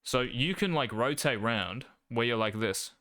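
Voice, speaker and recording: Young man, cocky coach, swears a lot, crisp smooth voice, dry close sound. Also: mid-range voice, lively intonation, measured pace, pushed and bright, dry recording. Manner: brash, swears freely, cocky. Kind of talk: casual gameplay coaching commentary.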